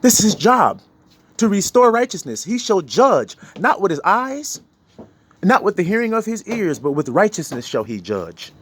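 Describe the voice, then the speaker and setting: A man giving a preachy, freewheeling sermon, laughing often and swinging between loud and low. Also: sing-song, normal speed, slightly rough. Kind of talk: street sermon.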